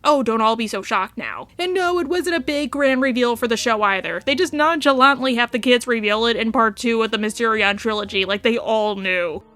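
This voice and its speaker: A woman's voice: on the high side, fairly quick, hardly any pauses, a bit bright. A young woman with a nasal voice narrating a casual video essay, chatty and full of sarcastic asides.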